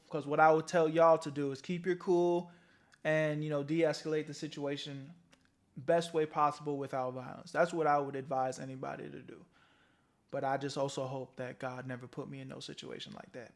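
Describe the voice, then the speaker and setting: A man's voice: on the high side, steady tone, fairly quick, fairly bright tone. Laid-back man reacting to a video. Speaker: reaction host. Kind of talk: casual reaction commentary.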